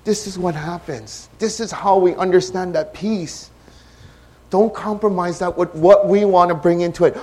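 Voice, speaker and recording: A man preaching a sermon as pastor, impassioned, shifting between hushed and loud delivery. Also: sits high, a little slow.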